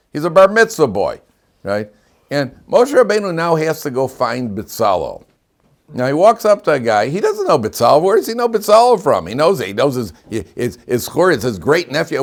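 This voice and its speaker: A man, a rabbi giving a Torah class, telling stories with animation, acting out dialogue, wandering off on asides and asking rhetorical questions. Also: on the low side. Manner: animated storyteller who acts out dialogue; digressive, with frequent restarts and rhetorical questions.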